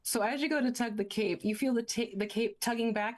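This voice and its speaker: A woman game master narrating a tabletop game in a lively, descriptive, playful way. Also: fairly high pitch, a little fast.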